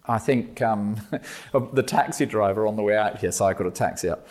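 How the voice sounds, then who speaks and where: A man giving a jokey, animated talk on evangelism to a meeting. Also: lowish voice, normal speed. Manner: jokey, animated, self-mocking asides. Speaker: preacher.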